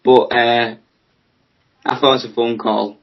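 A man's voice: medium pitch, flat delivery, unhurried, lo-fi sound. A teenage boy around fifteen, casually telling a rambling story to friends on a podcast. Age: teenager, about fifteen. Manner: rambling, storytelling, laughs at himself. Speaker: podcast co-host telling stories. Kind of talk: casual chat among friends.

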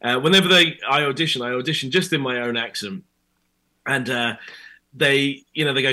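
A British actor chatting as an interview guest, telling stories and acting out both sides of past conversations. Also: male voice, medium pitch, fairly quick. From Britain. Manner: animated storyteller, acts out both sides of conversations. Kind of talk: casual interview chat.

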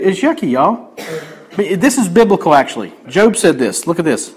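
A man's voice: on the high side, sing-song, normal speed, slightly rough. A man preaching a sermon as pastor, conversational and joking with the congregation.

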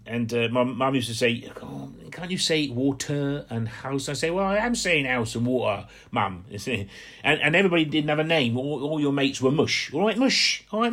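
A man from Hampshire giving a gentle, rambling radio devotional reflection, with frequent fillers. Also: mid-range voice. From Hampshire, England.

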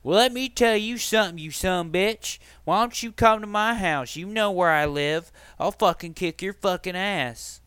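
A man's voice: on the high side, measured pace, a bit bright, clear, resonant tone, dry recording. A man voicing his angry younger brother, who swears hard and threatens him over the phone. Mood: furious. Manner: profane, aggressive, confrontational.

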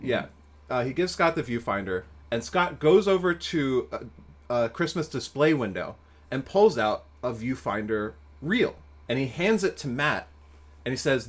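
Male podcast co-host, mid-pitched, animated recap chatter with frequent laughs. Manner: animated, laughs often, quick asides. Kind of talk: casual movie recap chat.

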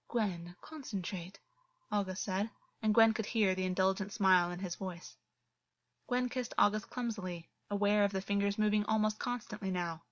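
A woman reads a story aloud as scripted narration, keeping a steady, even flow. Her voice sits in a middle register. The recording is dry and slightly muffled, without room sound. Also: medium pitch, dry recording. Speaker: audiobook reader.

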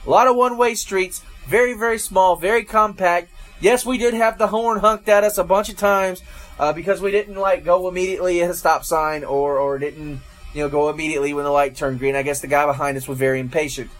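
A man's voice: high voice, steady tone, fairly quick, fairly bright tone, faint music behind. A man from Georgia, hosting a casual food review and chatting to viewers as folks and guys. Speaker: food reviewer, show host.

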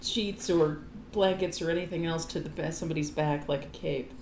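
A woman's voice: low voice, a little fast, darkish tone, a little hiss or hum. A woman co-hosting a casual podcast chat, tossing in wry, teasing remarks, recorded in a room at home. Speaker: podcast co-host. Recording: echoey room.

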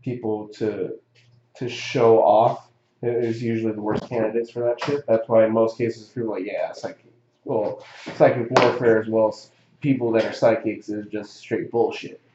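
A man's voice: on the low side, steady tone, moderate pace, roomy sound, muffled recording, background noise. A man telling a story in a casual chat, rambling and swearing, with many fillers and restarts. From Southern California.

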